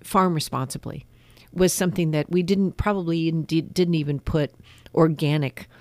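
A woman's voice: low-pitched, fairly even intonation, normal speed, darkish tone, no room sound. A woman winemaker, a guest on a casual radio interview, chatting and telling stories with easy laughter. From California. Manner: chatty, laughs easily, storytelling.

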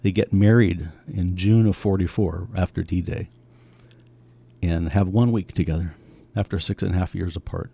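Gravelly older man telling a story. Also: low voice, moderate pace, dull audio. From United States. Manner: animated, acts out quoted voices. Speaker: author telling his family's story. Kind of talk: conversational storytelling.

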